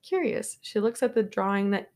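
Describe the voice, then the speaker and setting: A woman's voice: medium pitch, moderate pace. A young woman co-hosting a podcast, recapping a movie in casual chat, rambling along with lots of filler words. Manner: rambling, filler-heavy storytelling, many "like"s. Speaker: podcast co-host.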